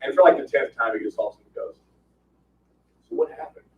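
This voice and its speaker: Animated man telling fight stories. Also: mid-range voice, racing, a little hiss or hum. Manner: animated storyteller, acts out quotes, laughs often. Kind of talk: casual storytelling chat. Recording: roomy, distant, muffled podcast audio.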